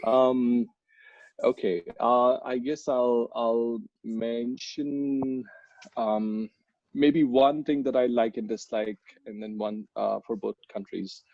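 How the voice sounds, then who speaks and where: A man's voice: mid-range voice, fairly even intonation, slow pace, darkish tone, dry recording. A young man from India answers questions in a casual interview, his talk full of ums and restarts. The sound is dull and lo-fi, dry with no room around it. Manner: hesitant, many ums and restarts. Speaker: podcast guest.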